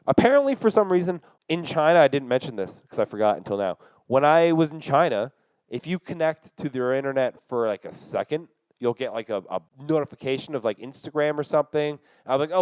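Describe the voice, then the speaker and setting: Smooth-voiced young man telling a profane story. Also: medium pitch, darkish tone, no echo, rough recording. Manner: rambling and profane, many fillers. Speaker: podcast host. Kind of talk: casual storytelling monologue.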